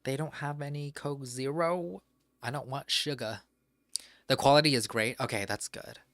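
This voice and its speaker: A man's voice: medium pitch, moderate pace, fairly bright tone, dry recording. Rambling, swearing streamer man. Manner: rambling, talks to himself, swears casually. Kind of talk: casual live-stream chat.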